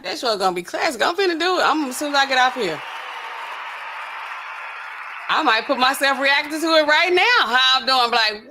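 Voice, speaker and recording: A woman's voice: high-pitched, animated, a little fast, hardly any pauses, pushed and bright. A young woman hosting a casual reaction livestream, chatting straight to her viewers and laughing often. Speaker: pharmacist host.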